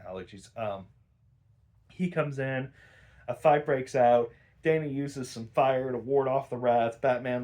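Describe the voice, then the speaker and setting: A young man talks through a cartoon episode in a loose, rambling way at an ordinary mid pitch. He swears freely, sighs often and fills gaps with "um" and "like", sounding exasperated. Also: a little mellow. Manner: sighs a lot, frequent fillers. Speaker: episode reviewer. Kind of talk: casual review chat.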